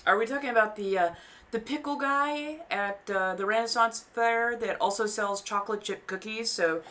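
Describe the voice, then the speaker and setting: A woman's voice: fairly high pitch, normal speed, fairly bright tone. A woman chatting casually on a live stream while she sews, rambling and frank, swearing freely and laughing at herself. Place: home apartment.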